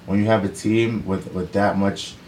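A man with a very deep voice talks loosely and casually, circling back with "you know" and "like" as he thinks aloud. A faint hiss of noise sits under his voice. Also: normal speed. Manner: relaxed, rambling, many fillers and restarts. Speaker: professional football player guest. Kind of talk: casual interview answers.

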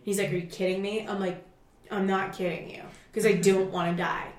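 A woman chatting casually as a podcast co-host, telling a lively story, swearing and acting out quotes. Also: medium pitch, a little fast. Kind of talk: casual chat. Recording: echoey room.

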